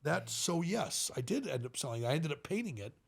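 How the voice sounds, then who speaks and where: A middle-aged man, a custom motorcycle builder, telling animated stories as a podcast guest and often laughing between them. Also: on the high side, a little fast, gravelly, husky. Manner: animated, tells stories with quoted voices and frequent laughs. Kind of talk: casual storytelling in a podcast interview.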